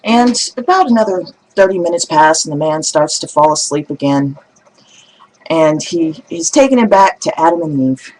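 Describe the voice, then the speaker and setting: Man telling jokes, animated storyteller. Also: fairly high pitch, moderate pace, rough recording. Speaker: video blogger telling jokes. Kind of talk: casual joke telling.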